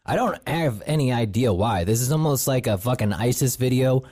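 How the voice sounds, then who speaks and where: A man's voice: mid-range voice, lively intonation, a little fast, darkish tone. A man co-hosting a podcast, commenting on a video with crude, sarcastic jokes. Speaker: podcast co-host. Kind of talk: profane casual commentary.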